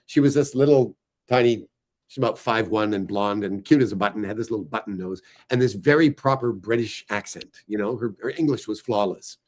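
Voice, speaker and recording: A middle-aged man chatting casually about his book, telling stories in a lively way with filler words. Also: fairly low pitch. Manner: animated storyteller, voices quoted people loudly. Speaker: author discussing his book. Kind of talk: casual storytelling chat.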